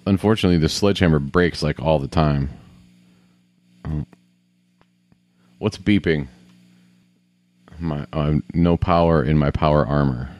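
A man's voice: rumbling low, measured pace, pauses often, darkish tone, no echo. A man casually commenting on a video game as he plays, grumbling, swearing and talking to himself. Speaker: gamer.

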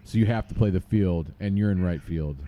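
A man hosting a casual podcast chat, swearing freely and quizzing his guest with excitement. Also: low-pitched, a little fast, a little hiss or hum. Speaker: podcast host.

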